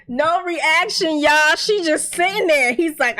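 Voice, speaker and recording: A woman's voice: sits high, sing-song, takes it slowly, pauses often, bright, forceful tone. A woman hosting a casual TV episode recap, blunt and profane, acting out the characters' lines as she tells the story. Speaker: TV recap host.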